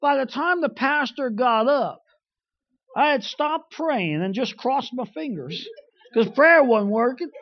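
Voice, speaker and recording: A man preaching a sermon through a comic story, animated, shouting his punchlines and tossing in quick asides, on a dull lo-fi recording. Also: extremely high pitch.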